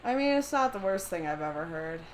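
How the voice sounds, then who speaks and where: A woman's voice: medium pitch, animated, a little fast, over music, low-quality recording. A woman doing let's play commentary on a story game, swearing a lot and ranting in exasperation. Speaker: gamer playing a story game.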